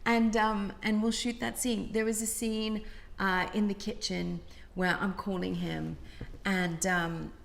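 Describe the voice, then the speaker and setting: A middle-aged woman chatting as an interview guest, bubbly and animated, often laughing while she tells stories. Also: mid-range voice, takes it slowly, vocal fry. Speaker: guest actor. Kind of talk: casual interview chat.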